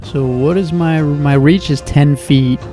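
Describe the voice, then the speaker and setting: A man playing a tabletop game, deliberate and thinking through his moves aloud. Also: on the high side, steady tone, dark tone, faint music behind. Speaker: player. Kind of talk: casual tabletop game chat.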